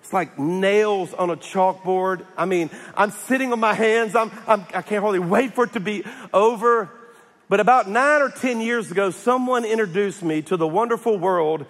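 A man's voice: sits high, normal speed, fairly bright tone. A man preaching a sermon in a church, humorous, with restarts and calls for amens. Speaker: pastor. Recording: echoey hall.

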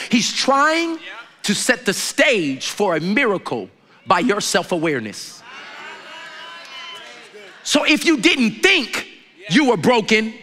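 A man preaching a sermon in a lively, conversational way, bantering and trading questions with the congregation. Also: very high voice. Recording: reverberant hall with faint noise.

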